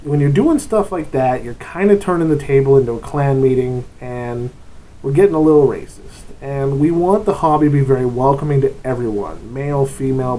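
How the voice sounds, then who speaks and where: Over poor audio, a man with a medium-pitched, dark-toned voice gives casual advice as a tabletop game master. He rambles and digresses, wandering off topic and slipping into short put-on voices.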